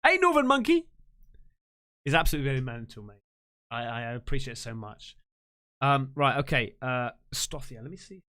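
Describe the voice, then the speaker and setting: A man hosting a live stream, chatting casually and excitedly, full of slang and thanking viewers effusively. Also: mid-range voice, a little fast. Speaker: livestream host.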